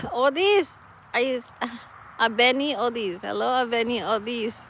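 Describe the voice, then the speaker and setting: A woman's voice: fairly high pitch, measured pace, a bit bright, a little hiss or hum, low-quality recording. A woman chatting casually outdoors with her live-stream viewers, laughing often and reading out their comments. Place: outdoors, wind and trees nearby.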